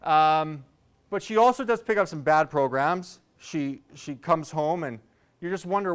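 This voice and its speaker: A man's voice: fairly high pitch, lively intonation, a little slow. A man in his thirties doing a stand-up set, telling loose, rambling stories with self-mocking asides. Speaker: stand-up comedian.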